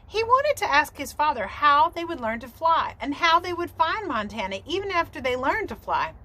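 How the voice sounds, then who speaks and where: A woman teacher reading a children's novel aloud with expressive storytelling. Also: high voice, normal speed, rough recording.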